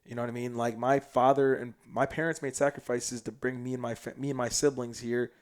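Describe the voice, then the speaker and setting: A man from South Sudan, a podcast guest telling a story in casual chat. He is animated and slangy, and swings between loud bursts and hushed asides. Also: medium pitch, a little fast.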